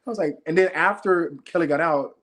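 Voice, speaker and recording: A young man, a former game show contestant, retelling his experience as an interview guest in an excited, fast-moving casual chat. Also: on the high side. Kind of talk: animated storytelling in casual chat.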